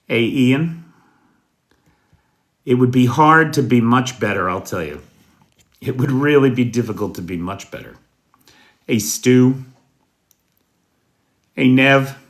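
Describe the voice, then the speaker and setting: An American man hosting a casual livestream news show, greeting viewers by name in a folksy, unhurried way. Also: medium pitch, lively intonation. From United States. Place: indoors at night.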